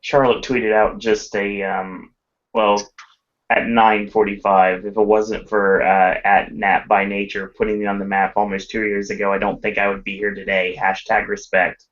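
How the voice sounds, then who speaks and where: A man on a wrestling podcast panel, explaining at length in a measured way. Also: lowish voice, little pitch movement, fairly bright tone. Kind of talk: casual wrestling chat. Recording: dull lo-fi sound.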